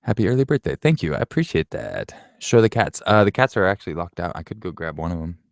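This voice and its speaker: YouTuber, late 20s man; low gravelly voice, dry close sound, blunt casual Q&A. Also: very animated, fast, no echo. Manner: blunt and offhand, swears, laughs often. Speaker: YouTuber answering viewer questions. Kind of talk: casual Q&A chat.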